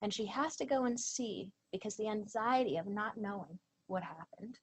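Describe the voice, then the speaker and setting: A woman's voice: medium pitch, normal speed, breathy edge, rough recording. A woman presenting a training lecture, earnest and emphatic. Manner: earnest, emphatic, reads out quoted lines.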